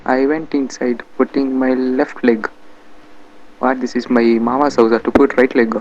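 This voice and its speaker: Gravelly Indian English man doing a comic game dub. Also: mid-range voice, little pitch movement, normal speed, a little mellow, lo-fi sound, slight background noise. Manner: chatty, bickering, muttering to himself.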